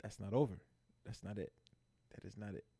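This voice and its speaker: A man co-hosting a podcast, excitedly retelling a TV episode in casual chat, acting out the characters and swearing freely. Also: lowish voice, a little fast, breathy edge. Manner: animated storyteller acting out characters, heavy swearing. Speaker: podcast co-host.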